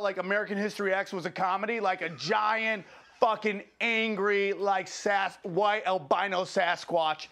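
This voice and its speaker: A male stand-up comedian telling a crude, animated anecdote in an interview. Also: high-pitched. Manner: crude, animated, acts out voices.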